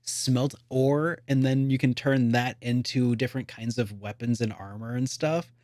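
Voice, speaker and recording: A man co-hosting a casual video game podcast, talking in an excitable, rambling way full of "like" and restarts. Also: mid-range voice, moderate pace, dry recording, clean studio sound. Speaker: podcast co-host. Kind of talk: casual chat about video games.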